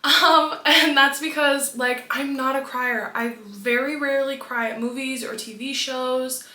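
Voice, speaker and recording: A woman's voice: high voice, steady tone, unhurried, bright, forceful tone, roomy sound. A young woman travel vlogger talking candidly and chattily, filling her speech with "like", at times tearful. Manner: candid, chatty, lots of "like" fillers. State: tearful, crying. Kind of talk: casual vlog narration.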